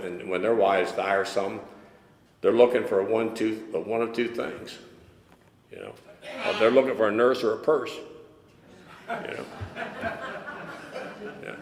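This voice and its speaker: A man's voice: on the low side, slight background noise. An older man with a Texan accent giving a plainspoken, wryly humorous share at a recovery meeting. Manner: plainspoken storytelling with wry humor. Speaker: AA speaker. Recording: echoey hall with long reverb.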